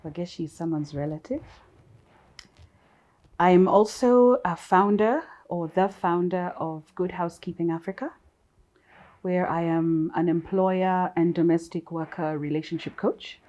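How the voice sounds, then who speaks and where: A woman in her fifties from Kenya chats as a podcast guest. She tells her stories in a lively way and laughs easily. Her voice sits on the low side. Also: measured pace, muffled recording. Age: 50s. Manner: lively, laughs often, storytelling. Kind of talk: casual chat.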